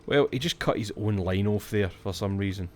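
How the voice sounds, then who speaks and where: A Scottish man with a fairly low voice talks his way through a horror game on stream. He rambles casually, thinks aloud and swears when something startles him. A faint hiss sits under the recording. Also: normal speed. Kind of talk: let's-play commentary.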